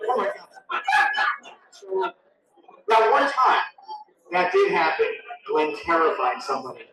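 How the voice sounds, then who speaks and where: A man's voice: high-pitched, huge pitch swings, normal speed, gravelly, sharp tone. A man sharing a playful anecdote at a memorial tribute in an event room and inviting others up to speak. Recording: roomy echo from a distance.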